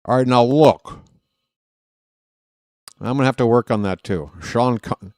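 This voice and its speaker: A man's voice: mid-range voice, unhurried, pauses often, darkish tone, no room sound, clean studio sound. A man calling a live baseball game as a streaming host, in a rambling, jokey, self-deprecating way. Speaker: play-by-play streamer. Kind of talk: live play-by-play commentary.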